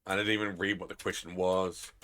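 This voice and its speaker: A man's voice: sits low, level tone, fairly quick, background noise. A man from New Zealand with a Kiwi accent, chatting playfully as a game streamer on a live stream. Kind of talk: casual live-stream chat.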